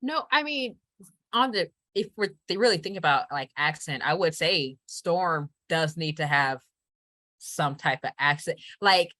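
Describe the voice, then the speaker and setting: A woman in casual chat, opinionated and quick to laugh. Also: deep voice, lively intonation, sharp tone, no room sound.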